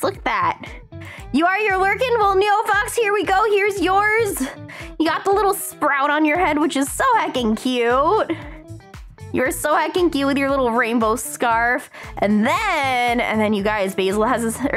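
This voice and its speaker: A woman's voice: high voice, fairly bright tone. A woman hosting a casual live stream, chatting in a bubbly, gushing way with lots of slang. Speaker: streamer host.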